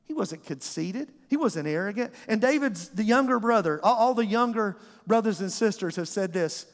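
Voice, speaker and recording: A man's voice: high-pitched, animated, moderate pace. A male pastor, preaching a storytelling sermon to his congregation and acting out the voices. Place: church sanctuary. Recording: long hall reverb.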